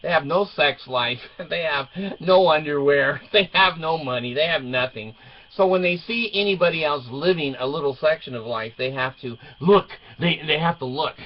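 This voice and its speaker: Middle-aged guy, kinda high voice, wry joking storytelling about his family, muffled lo-fi sound. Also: normal speed. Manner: wry and joking, chuckles through his stories. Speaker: father telling a family story. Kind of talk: casual storytelling monologue. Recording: dull lo-fi recording.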